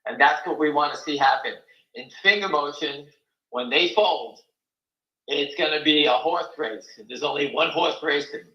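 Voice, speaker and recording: A man's voice: on the high side, normal speed, echoey room, highs cut off. An older man hosting a live stock market talk show, blunt, folksy and rambling.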